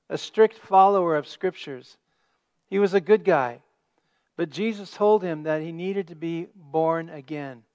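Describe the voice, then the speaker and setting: A man preaching a sermon as pastor, stressing key words and dropping to a hush at the ends of phrases. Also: high voice. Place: church sanctuary.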